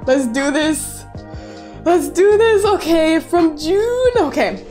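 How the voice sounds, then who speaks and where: A woman's voice: high voice, lively intonation, moderate pace, a little mellow, faint music behind. A young woman in her twenties, an effusive streamer chatting casually and reading viewer messages aloud, often laughing. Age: 20s.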